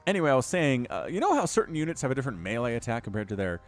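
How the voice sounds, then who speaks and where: A young man casting a strategy game, chatty and animated, jumping up sharply when the action heats up. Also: medium pitch, very fast, faint music behind. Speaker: game caster. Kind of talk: game commentary.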